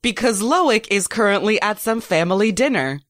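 A woman voicing a small, pushy robot in a tabletop game, making bright, insistent requests. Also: medium pitch, lively intonation, moderate pace, no room sound, clean studio sound, pitched above the performer's own voice, lightly acted.

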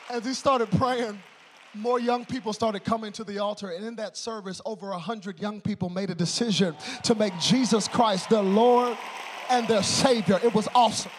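A man preaching a sermon, telling a humorous story and swinging between loud excitement and hushed tones. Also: sits high, moderate pace, long reverb tail, slight background noise.

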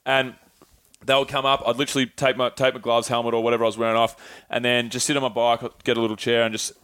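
A man's voice: medium pitch, level tone, fast talker, a bit bright, clear, resonant tone, dry recording. Laid-back swearing man. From Australia. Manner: laid-back, swears freely, acts out quoted voices. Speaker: podcast guest. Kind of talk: casual storytelling chat.

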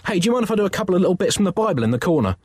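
A man voicing an eager, cheeky young male painter who talks in a chirpy, excitable way. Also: high voice, quick pace, husky, no room sound, pitched above the performer's own voice, heavily acted.

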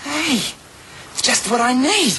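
A man's voice: very high voice, expressive, slow, full character voice. An actor voicing a cocky young male cartoon animal who cracks jokes, played from a show clip. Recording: cartoon clip with clicking noise.

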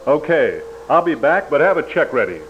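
A man's voice: fairly high pitch, very animated, brisk. An actor playing a brusque, self-satisfied male master detective who wants cash in a radio comedy sketch. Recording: dull old radio broadcast with hiss.

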